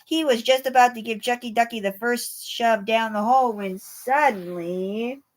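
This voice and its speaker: Woman storyteller, slightly high voice, playful children's book read-aloud. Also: moderate pace. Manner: animated, playful rhyming delivery with lively voices for the animals.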